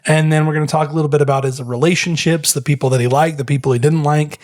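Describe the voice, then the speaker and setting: A man hosts a relaxed history podcast, talking things through in a loose, rambling way. His voice sits a little high, and he fills his explanations with "um" and "like" as he goes. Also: quick pace. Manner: chatty, explains history with many fillers. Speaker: podcast host. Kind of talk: casual podcast chat.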